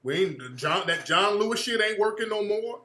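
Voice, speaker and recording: A man rants through a political commentary monologue, blunt and profane. His voice sits a little high and cuts through brightly, and an echoey room rings around him. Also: normal speed. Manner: blunt, profane, animated ranting. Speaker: radio show host.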